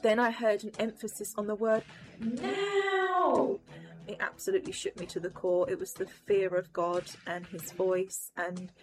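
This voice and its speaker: A woman's voice: medium pitch, unhurried. A woman giving a personal testimony of a vision, solemn and dramatic.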